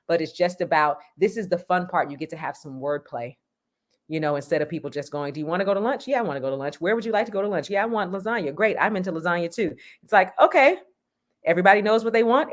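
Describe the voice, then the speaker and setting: A woman from Texas, a script consultant, explaining her craft in an interview with frequent rhetorical questions and laughter. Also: on the low side. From Houston, Texas. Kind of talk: interview conversation.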